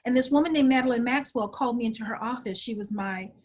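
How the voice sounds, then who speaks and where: A middle-aged woman telling a personal story in an interview, animated and acting out the voices of people she quotes. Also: fairly high pitch, fast. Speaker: guest.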